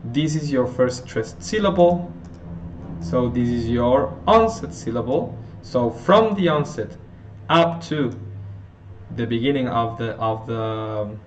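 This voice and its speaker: A man teaching an intonation lesson, working through example sentences slowly, often restarting and correcting himself. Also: medium pitch, lively intonation. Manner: slow, halting, with frequent restarts and self-corrections. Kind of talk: phonetics lesson explanation.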